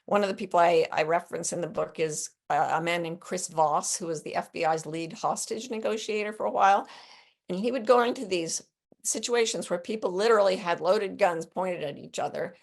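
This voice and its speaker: A woman author and life coach speaking as a podcast guest. Her voice sits low with a gravelly fry, and she tells stories with energy, acting out the people in them. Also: brisk. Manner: animated storyteller who acts out quotes. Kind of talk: conversational interview.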